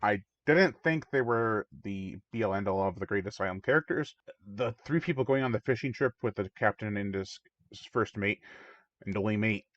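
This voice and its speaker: A man reviews a film on his own channel in a loose, chatty ramble, putting on voices to mock the characters. He speaks at a moderate pace with a fairly low pitch and a fairly bright tone. The recording is dull, lo-fi, and dry with no echo.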